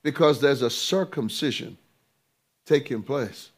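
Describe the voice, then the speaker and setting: A man's voice: mid-range voice, measured pace, husky. A man preaching a sermon, emphatic and drawn out, repeating phrases and throwing rhetorical questions to his listeners.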